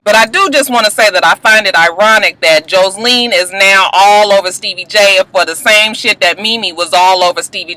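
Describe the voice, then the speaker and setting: A woman's voice: medium pitch, bright, forceful tone, no room sound, low-quality recording. Sassy chatty woman recapping TV. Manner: chatty, sassy, swears freely, acts out quotes in voices. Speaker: reality TV recap vlogger. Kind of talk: casual rambling recap.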